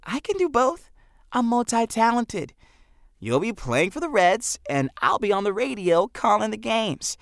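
A man voicing a chatty, goofy skinny teenage boy who talks in an excitable, showy way, in an audiobook. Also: sits high, vocal fry, no room sound, studio quality, voice pushed up, full character voice. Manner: excitable, showy, quick-witted. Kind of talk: audiobook character voice.

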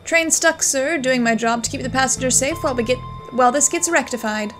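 A courteous ghostly train conductor from a point-and-click game acted by a woman, formal and clipped, ending his sentences with a respectful "sir". His voice sits high, with a faint music bed behind it. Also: a little fast, a bit bright. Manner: formal, ends lines with "sir".

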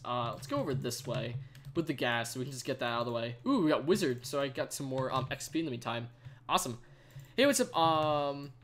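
A man's voice: fairly high pitch, a bit bright, slight background noise. A young man giving chatty live commentary on a game he is playing, greeting viewers and using lots of fillers. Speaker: streamer. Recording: faint keyboard typing behind.

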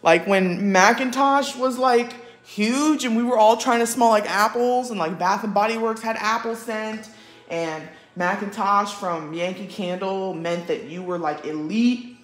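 A woman's voice: mid-range voice, measured pace. A woman vlogging casually at home, chatting with her live viewers, reading their comments aloud and talking to her cat. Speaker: livestream vlogger. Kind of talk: casual live-chat vlog. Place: at home indoors.

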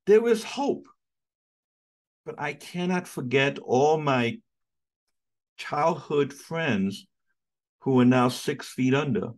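Middle-aged New man, impassioned theology lecture, slow and deliberate, midrange voice. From United States. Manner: impassioned, wide swings in pitch and loudness, repeats words as he searches. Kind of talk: sermon-like lecture.

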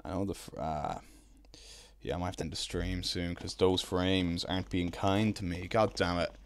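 A young man streaming a horror game, swearing a lot and breaking into loud excited shouts. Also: sits low, moderate pace, vocal fry. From Ireland. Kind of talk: live gaming commentary.

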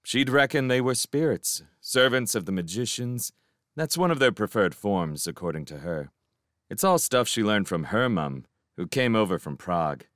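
A man's voice: on the low side, sing-song, normal speed, a bit bright, dry recording, clean studio sound. A man voicing a cheerful, cocky teenage boy in a storybook reading, breezy and teasing. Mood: chatty.

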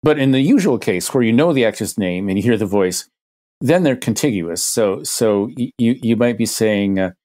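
Low-voiced man explaining with restarts. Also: lively intonation, normal speed, a little mellow. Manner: thinks aloud with many restarts and hypothetical examples. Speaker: guest expert. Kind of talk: conversational podcast explanation.

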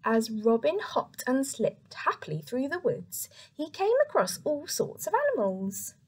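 A young woman reading a picture book aloud to children, soft and expressive, with whispered asides. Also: high-pitched, unhurried, breathy edge. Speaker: children's story reader.

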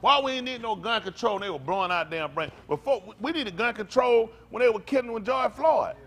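An older man preaching a fiery, profane rant as pastor, swinging from loud outbursts to low tired mutters. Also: animated, a little fast.

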